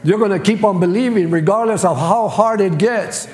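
A man's voice: high voice, normal speed, darkish tone. A man preaching a sermon as pastor, speaking in plain colloquial phrasing and acting out voices. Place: church sanctuary. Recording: echoey church hall.

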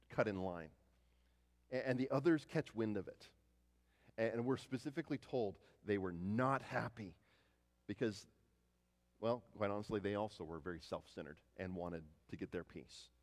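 Low-voiced man preaching in a reverberant hall. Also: moderate pace. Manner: conversational, rhetorical questions to the congregation; frequent restarts and repeated words. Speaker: pastor. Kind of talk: sermon.

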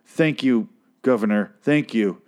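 A man's voice: mid-range voice, a little slow, darkish tone, natural voice. A man voicing a gushing woman voter who gives breathless, adoring thanks.

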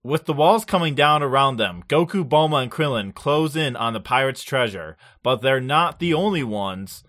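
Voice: mid-range voice, lively intonation, moderate pace, fairly bright tone. A podcast host in casual chat, rambling and laid-back with plenty of fillers.

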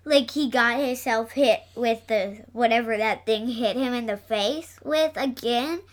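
Slow-talking hesitant woman. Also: fairly high pitch. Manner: hesitant, gives short answers. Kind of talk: casual chat.

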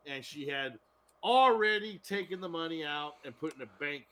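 A man's voice: fairly high pitch, animated, moderate pace, over a noisy crowd. A man in casual podcast chat, rambling and cursing as he retells a TV episode. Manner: rambling, profane, laughs while retelling. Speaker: podcast co-host.

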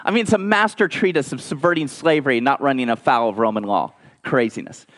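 A man preaching a conversational sermon, telling stories with lively asides and frequent restarts. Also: medium pitch, quick pace. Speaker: pastor.

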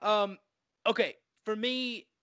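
A man co-hosting a podcast, chatting casually about a film, excitable and profane, full of fillers and restarts. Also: sits high, takes it slowly. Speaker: podcast co-host.

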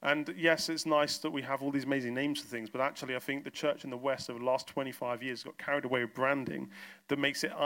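Bright-voiced pastor preaching. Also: male voice, mid-range voice. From south coast of England. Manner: storytelling, acts out exchanges in quoted voices. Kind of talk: sermon. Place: church.

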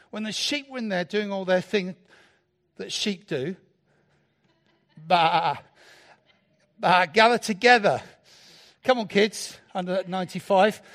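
Man, high voice, playful preacher, animated sermon. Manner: playful, animated, jokes with the congregation.

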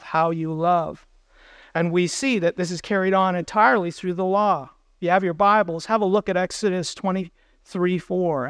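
A man's voice: on the high side, clear, resonant tone, no room sound. A man preaching a sermon as pastor, earnest, putting questions to the congregation.

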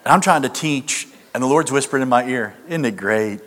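A man's voice: medium pitch, steady tone, quick pace. A man preaching as guest speaker, telling a comic story with punchlines and acted-out quotes. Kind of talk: comedic sermon storytelling. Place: church hall, live audience. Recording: echoey hall, faint noise.

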